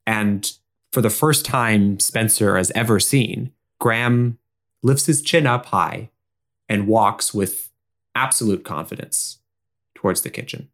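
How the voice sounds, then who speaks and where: A man's voice: lowish voice, slow pace, a bit bright. A man playing a tabletop role-playing game, narrating his character's actions in a casual, rambling way. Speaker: player.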